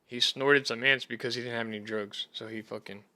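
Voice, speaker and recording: A man's voice: mid-range voice, steady tone, fairly quick, sharp tone, dry recording. A young Texan man hosting a sports podcast, chatting loosely with a rambling, profane manner. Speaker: podcast host. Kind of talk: casual chat.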